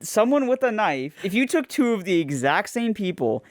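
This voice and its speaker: Animated argumentative young man. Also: sits high, normal speed, no room sound. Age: young adult. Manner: insistent, argumentative, restarts often. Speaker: podcast co-host. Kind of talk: heated casual debate.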